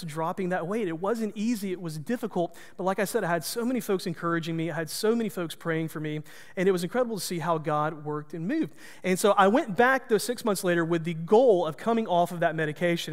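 A man's voice: high-pitched, big-room sound. A man, a pastor, telling a personal story in a folksy, self-deprecating sermon.

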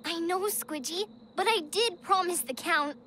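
A woman voicing a kind, cheerful young girl who calmly reassures her friends, over loud cartoon music. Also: very high voice, measured pace, slight background noise. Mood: friendly. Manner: calm, reassuring, giggly.

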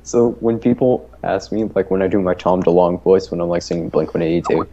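Brief: deep, gravelly man, jokey gaming banter, dull lo-fi mic. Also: brisk, warm tone, slight background noise. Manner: jokey, laughs a lot, plays with silly voices. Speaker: gaming channel co-host. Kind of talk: casual let's-play banter.

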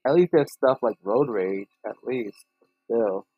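A young man giving casual, profane, excitable commentary while playing a racing game. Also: mid-range voice, a little slow, slightly rough, no echo, narrow, tinny audio, faint music behind. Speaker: gaming channel host.

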